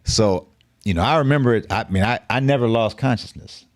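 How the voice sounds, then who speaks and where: A man's voice: on the low side, brisk, no room sound, clean studio sound. A middle-aged man from the Bay Area, a guest telling his story in a blunt, profane, streetwise way. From San Francisco Bay Area. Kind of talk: casual storytelling interview.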